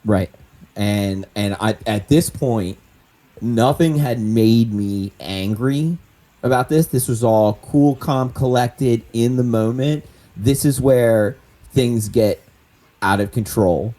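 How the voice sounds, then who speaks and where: A man's voice: medium pitch, slow pace, dark tone. A man playing his character in a tabletop role-playing game, talking animatedly, laughing and swearing. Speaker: player.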